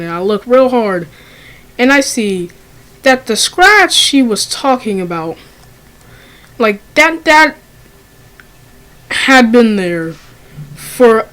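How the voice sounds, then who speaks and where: A woman's voice: on the high side, fairly bright tone, rough recording. A young woman telling a story in a casual, profane way, with lots of ums and likes. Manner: casual, profane, many fillers. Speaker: vlogger.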